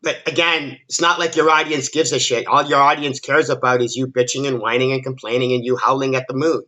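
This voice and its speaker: A man's voice: medium pitch, flat delivery, fairly quick, sharp tone, muffled recording. A man hosting a commentary video, ranting sarcastically and stumbling over repeated words. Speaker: commentary channel host.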